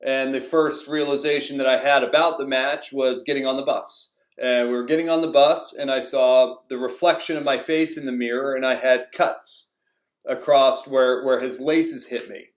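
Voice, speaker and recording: A young man talks through his past casually, circling back with plenty of fillers and false starts. His voice sits at an ordinary middle pitch. The room around him rings with noticeable echo. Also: steady tone, normal speed. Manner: rambling, many fillers and restarts. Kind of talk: casual storytelling. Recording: echoey room.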